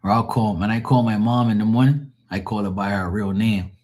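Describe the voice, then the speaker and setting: Man, fairly low voice, live-stream tarot reader, casual rambling chat, profane, laughs a lot. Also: steady tone, fairly quick, a little mellow.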